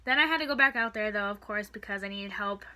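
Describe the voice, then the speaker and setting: A teenage girl telling a storytime in a casual, chatty vlog, full of "like" and "and stuff", with the odd soft aside. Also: mid-range voice, fast talker. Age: teens. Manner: chatty, filler-heavy with frequent "like" and "and stuff". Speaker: vlogger.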